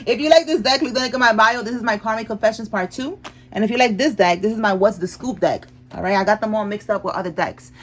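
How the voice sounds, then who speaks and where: A woman's voice: on the high side, fast talker. A woman giving a casual tarot reading, chatty and blunt, laughing often and using street slang. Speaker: tarot reader.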